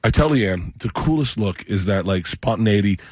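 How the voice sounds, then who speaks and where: A middle-aged man spins a rambling comic story, slipping into the voices of the people he quotes. His voice is husky and a little rough. The sound is dry and close, recorded on a studio microphone. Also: lowish voice, lively intonation, normal speed, dry recording. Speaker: comedian guest. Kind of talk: animated comedic storytelling. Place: radio studio.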